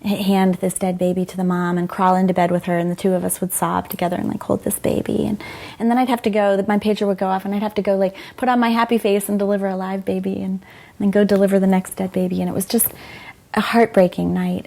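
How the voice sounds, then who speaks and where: A middle-aged woman who used to be a doctor tells frank, emotional stories in an interview, quoting people along the way in candid conversational storytelling. Her mid-range voice is level, quick, creaky and mellow.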